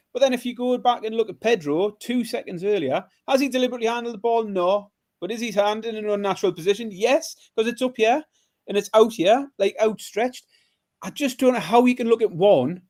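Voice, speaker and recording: A man's voice: sits high, darkish tone. A man co-hosting a podcast, complaining emphatically and with exasperation in casual chat. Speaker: podcast co-host.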